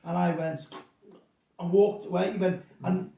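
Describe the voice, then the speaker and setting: A man's voice: high-pitched, measured pace, vocal fry, muffled recording. Rambling middle-aged man, roomy. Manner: rambling, repeats words, animated anecdotes. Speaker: pub landlord guest. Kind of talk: casual storytelling interview. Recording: roomy sound from a distance.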